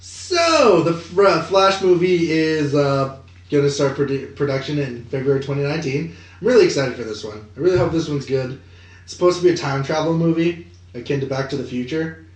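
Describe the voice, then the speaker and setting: A man co-hosting a podcast, chatting casually about movie news, animated and profane, with lots of filler words. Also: on the high side, brisk. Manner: swearing, animated, many "like" fillers. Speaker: podcast co-host. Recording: echoey room.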